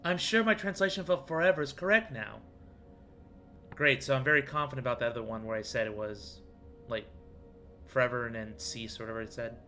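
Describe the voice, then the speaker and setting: A man's voice: mid-range voice, brisk, bright, forceful tone, faint music behind. A man streaming a video game, musing aloud as he reads and translates in-game text and greets viewers in chat. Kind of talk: live gaming commentary.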